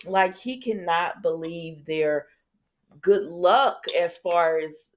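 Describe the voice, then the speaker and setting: A woman hosting a casual soap opera recap, chatty and lively, talking straight to her viewers with asides. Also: on the low side, slow, a little hiss or hum.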